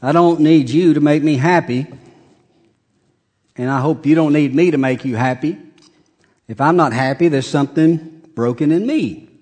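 A middle-aged man preaching with a folksy, joking delivery. His voice sits a little high for a man, and he swings between loud punchy bursts and quiet asides. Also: moderate pace, long pauses. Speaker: pastor. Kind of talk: sermon.

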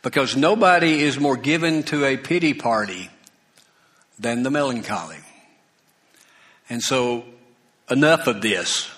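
A man's voice: medium pitch, unhurried, pauses often, fairly bright tone. A man preaching a sermon in a conversational way, with asides to the congregation and repeated exhortations. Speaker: pastor.

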